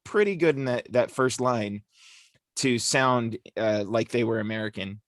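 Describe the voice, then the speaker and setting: A man co-hosts a casual discussion podcast, explaining things at length with lots of fillers. His voice is mid-range and measured, recorded in clean studio sound with no echo.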